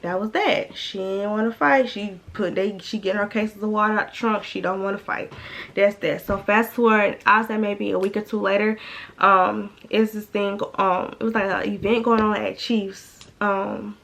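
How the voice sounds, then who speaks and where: Young woman chatting a storytime, gravelly. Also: medium pitch, fairly even intonation, moderate pace, a bit bright. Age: young adult. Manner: chatty, slangy, addresses viewers as y'all. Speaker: vlogger. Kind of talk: casual storytime.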